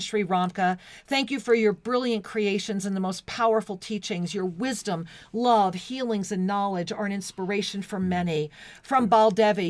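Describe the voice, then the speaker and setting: A woman's voice: a little high, dry recording. A woman co-hosting a spiritual talk radio show, reading listener messages in an effusive, devotional way and often restarting her sentences. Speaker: co-host.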